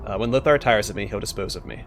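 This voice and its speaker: A bored, languid talking skull speaks in a sultry, drawn-out manner, as a man puts it on. The voice sits low. Soft game music plays behind.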